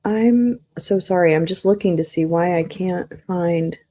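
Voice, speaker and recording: Speaking a little slowly in a mellow, fairly low voice, a woman runs a laid-back livestream, chatting with viewers and humming while she looks for something. She gets muddled and flustered along the way and swears.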